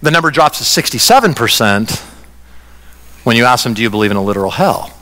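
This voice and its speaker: A man pastor giving a conversational, animated sermon in a church. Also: medium pitch, fast. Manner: conversational preaching, animated, acts out quoted voices. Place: church sanctuary. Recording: reverberant church hall.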